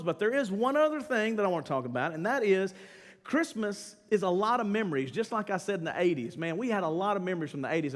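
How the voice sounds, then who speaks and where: A middle-aged male pastor giving a casual, humorous sermon, slangy and animated, talking straight to the crowd and breaking into shouts. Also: sits high. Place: church sanctuary during a live service. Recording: long church-hall reverb with faint music behind.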